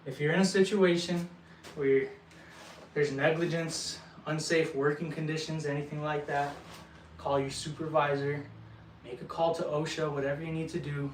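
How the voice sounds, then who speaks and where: Brief: young vlogger from El Paso, winded, earnest, slightly high voice, mic set back in a roomy space. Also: male voice, level tone, slight background noise. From El Paso, Texas. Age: young adult. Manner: earnest, halting, with frequent restarts. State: short of breath. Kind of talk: casual talk to viewers. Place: indoor building site. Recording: echoey room, mic at a distance.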